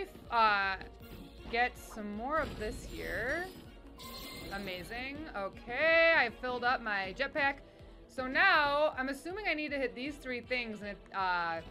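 A woman giving bubbly, excited let's-play commentary, cheering and squealing at the game as she plays. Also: on the high side. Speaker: gaming streamer. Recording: game music playing behind. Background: game music.

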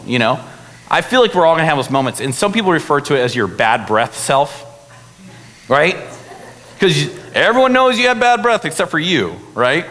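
A man's voice: on the high side, very animated, fast talker, pushed and bright. A young man preaching a casual storytelling sermon, chatty and conversational, with lots of asides to the audience. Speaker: pastor. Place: church hall. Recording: long hall reverb.

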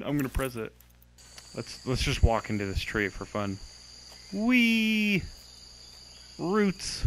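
A man's voice: fairly low pitch, fairly bright tone, slight background noise, poor audio. A young man giving casual, exasperated commentary on a game he is playing, swearing and mocking its glitches. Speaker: gameplay commentator.

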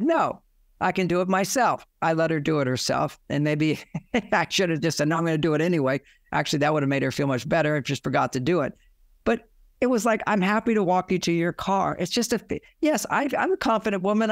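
Gravelly-voiced man giving relationship advice. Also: a little high, no echo, studio quality. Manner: rambling, acts out quoted lines. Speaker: relationship author and guest. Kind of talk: advice talk.

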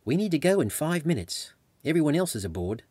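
A man reading a memoir aloud, voicing a brisk, businesslike female ship stewardess. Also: sits low, big pitch swings, dark tone, husky, no echo, pitched above the performer's own voice, full character voice.

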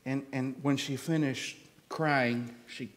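Folksy preacher in a big hall. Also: male voice, medium pitch, slow. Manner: folksy, animated, acts out quoted voices. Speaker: guest preacher. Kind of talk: sermon with storytelling. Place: large church sanctuary. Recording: church hall with long reverb.

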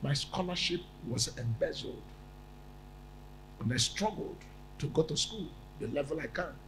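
Male prophet-preacher, slightly high voice, emphatic and repetitive, stammers on restarts. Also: lively intonation, measured pace, slight background noise, rough recording. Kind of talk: sermon.

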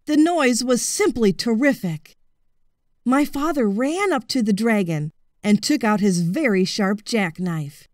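A woman reading a children's storybook aloud in an expressive, deliberate way, close to the mic. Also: medium pitch, no echo. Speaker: audiobook reader.

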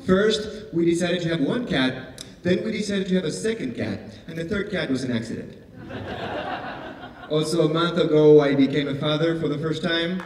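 A man from Argentina with an Argentine accent doing a stand-up set, talking fast and deadpan. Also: fairly high pitch, background noise. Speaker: stand-up comedian. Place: theater stage. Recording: echoey theater hall from far off.

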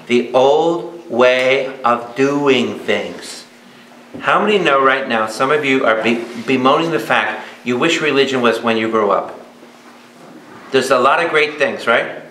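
A man who is a priest teaching a Bible study. He talks in a lively way and keeps asking his audience questions. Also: medium pitch, slow pace. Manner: animated, asks the audience many questions. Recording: echoey hall with faint noise.

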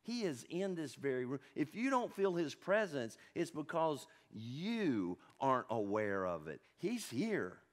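A male pastor preaching a fervent sermon in a church. He swings from hushed to loud and calls questions out to the congregation. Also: fairly high pitch, sing-song, unhurried, hardly any pauses. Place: church sanctuary.

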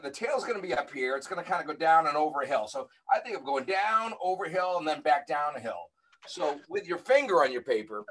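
A man's voice: on the high side, fairly bright tone, a little hiss or hum, rough recording. Friendly man teaching kids to draw. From Massachusetts. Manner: friendly, step-by-step instructions to kids. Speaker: illustrator teaching drawing. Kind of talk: drawing lesson on a video call. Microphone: webcam.

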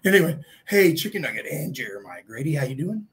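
A man hosting a casual live stream, chatting in a rambling way and greeting viewers by name, his voice a bit congested and hoarse. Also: fairly high pitch, big pitch swings, quick pace, a bit bright, rough recording.

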